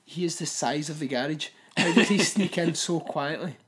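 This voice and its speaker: A man's voice: on the high side, moderate pace, very noisy. Wry man chatting about films. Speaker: podcast co-host. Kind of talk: casual film review chat.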